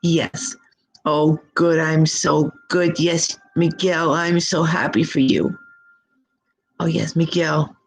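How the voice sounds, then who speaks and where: A woman as a slow, gravelly live-stream tarot reader, gushing and affectionate. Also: low voice, level tone, low-quality recording. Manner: gushing, affectionate, drawn-out words. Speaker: psychic reader.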